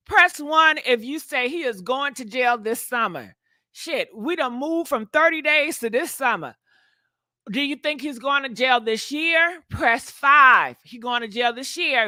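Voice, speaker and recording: Sassy high-voiced woman hosting gossip live. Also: sharp tone, no room sound. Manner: sassy, chatty, talks straight to viewers; laughs often. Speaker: gossip show host. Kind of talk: casual live-stream gossip chat.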